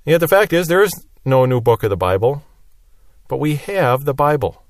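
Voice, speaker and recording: A man's voice: mid-range voice, very animated, normal speed, no room sound, clean studio sound. A man teaching a Bible lesson verse by verse, explaining plainly and repeating key phrases.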